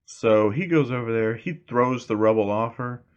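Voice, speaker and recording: A man's voice: mid-range voice, moderate pace, clear, resonant tone, dull audio. A man casually retelling a fan story, rambling with lots of fillers.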